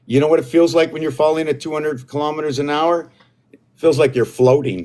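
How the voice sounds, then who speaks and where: A man hosting a live stream alone, talking in a meandering, excitable way and often losing his own thread. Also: a little high, brisk. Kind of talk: rambling solo livestream talk.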